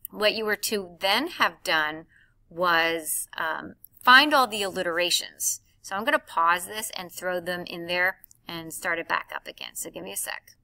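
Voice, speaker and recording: A woman's voice: on the low side, pushed and bright. A woman teacher recording a lesson for her class, explaining step by step and reading verse aloud with heavy stress on the beats.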